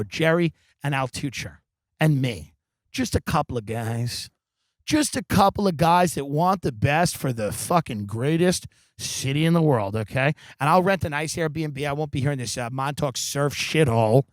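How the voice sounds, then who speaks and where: A man doing a comedic monologue rant, sardonic and theatrical, with plenty of swearing. His voice sits a bit high for a man, close and dry on the mic. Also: animated, a little slow, dry recording. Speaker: podcast host. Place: backyard of a rental house. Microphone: studio microphone.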